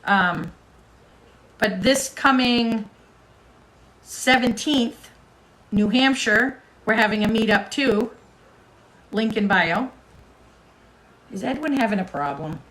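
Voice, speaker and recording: A woman hosting a live video stream talks loosely with her viewers, answering their comments as they come in. Her voice sits a little high for a woman. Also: animated, slow, pauses often, fairly bright tone, rough recording. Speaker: host. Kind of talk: casual livestream chat.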